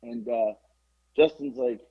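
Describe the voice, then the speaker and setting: A middle-aged man hosting a podcast, telling a story in casual chat, animated and profane with lots of fillers. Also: medium pitch, takes it slowly. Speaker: podcast host. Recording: dull lo-fi podcast recording.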